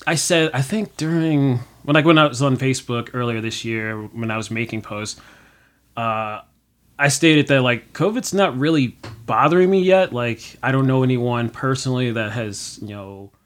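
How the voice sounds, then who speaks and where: A man's voice: medium pitch, lively intonation, normal speed, fairly bright tone. A young man chatting casually as a guest, rambling with many fillers and acting out quotes. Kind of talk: casual chat.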